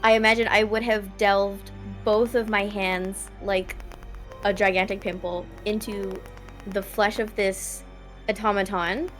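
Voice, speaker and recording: A woman's voice: medium pitch, little pitch movement, measured pace, poor audio. Woman player, hesitant and wordy, faint music behind. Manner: hesitant, explains her moves with many fillers. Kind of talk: tabletop game chat.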